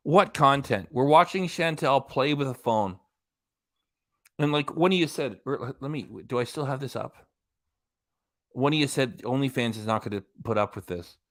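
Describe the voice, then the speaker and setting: A man's voice: medium pitch, normal speed. A man in the middle of his range hosts a live reaction stream from his desk. He keeps up a loose, casual running commentary. He reads out quotes and drops dry little asides. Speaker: reaction channel host.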